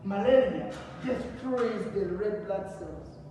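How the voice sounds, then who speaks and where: A man's voice: high voice, animated, slow, dark tone, slight background noise. A male teacher, giving a classroom lesson and asking the class to finish his sentences. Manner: call-and-response questions, repeats key words. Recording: echoey room from far off.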